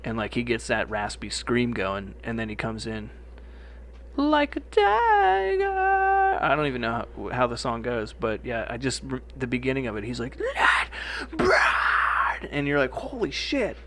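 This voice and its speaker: A man's voice: mid-range voice, fairly even intonation, brisk, few pauses, a bit bright, slight background noise. A young man co-hosting a podcast, telling stories in loose, profane casual chat and laughing often. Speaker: podcast co-host.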